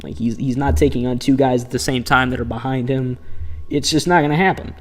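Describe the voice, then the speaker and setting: A man's voice: mid-range voice, steady tone, fairly quick. A man streaming live gameplay, chatting and reacting with incredulous, laughing asides.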